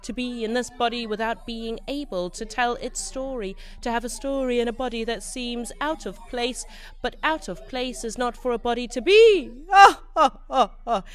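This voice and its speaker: A woman performing spoken word poetry, slow and lyrical, repeating phrases. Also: fairly high pitch.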